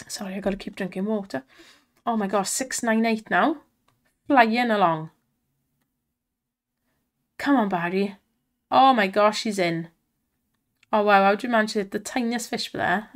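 An excitable woman commenting on slot spins and cheering the reels on, her voice strained from shouting. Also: medium pitch, unhurried, pauses often. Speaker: slot streamer.

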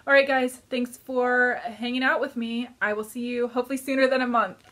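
A woman's voice: on the high side, steady tone, a little fast, fairly bright tone. A woman in her thirties chatting casually to camera as a knitting vlogger, rambling and hesitant, with many fillers.

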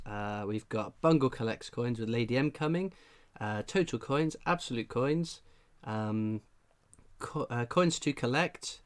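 A man with a cold, hosting a casual live stream, chatting and reading out viewer names. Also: mid-range voice. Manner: chatty, reads out viewer names, laughs a lot. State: has a cold. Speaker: livestream host. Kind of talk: casual livestream chat.

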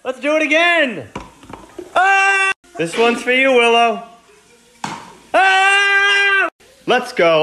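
Excitable man, high pitch, wildly swinging delivery, bright edge, light background noise. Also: extremely slow, pauses often. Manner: excitable, shouting. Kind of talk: casual video clip.

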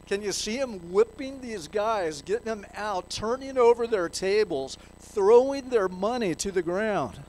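A man's voice: high-pitched, animated, measured pace, hardly any pauses, darkish tone, a little hiss or hum, poor audio. A man preaching a sermon in a church, reading scripture aloud and putting questions to the congregation. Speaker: pastor.

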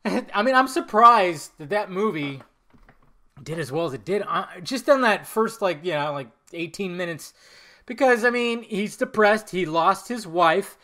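Rambling, animated podcast host man. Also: high-pitched, unhurried. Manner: rambling, profane, animated swings in loudness. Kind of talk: casual solo podcast chat.

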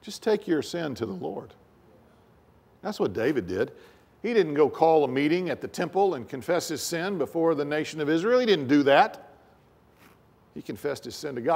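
A man preaching from the pulpit with a somewhat high voice. He climbs into loud, emphatic lines, then drops to a low, quiet delivery. He often repeats a word or two as he presses a point. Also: big pitch swings, normal speed, vocal fry. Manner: swings from raised emphatic phrases to low soft ones, repeats words. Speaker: pastor. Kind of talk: sermon.

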